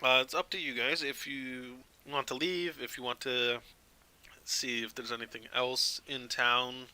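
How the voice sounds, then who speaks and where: A man's voice: medium pitch, fairly even intonation, a little slow, pushed and bright, clear, resonant tone, rough recording. A man running a tabletop game as game master, narrating loosely with many fillers.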